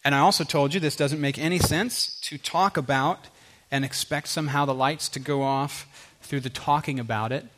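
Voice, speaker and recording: A middle-aged male pastor preaching with emphatic repetition, sometimes dropping to a quiet hush. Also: medium pitch. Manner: earnest, emphatic, repeats phrases, drops to a quiet hush. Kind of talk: sermon.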